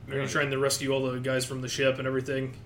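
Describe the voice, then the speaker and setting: A man's voice: medium pitch, monotone, racing, a bit bright, slight background noise. A man co-hosting a podcast, chatting casually, swearing freely, laughing often and acting out what people said. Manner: profane, laughs often, acts out quotes. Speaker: podcast co-host. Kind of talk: casual chat.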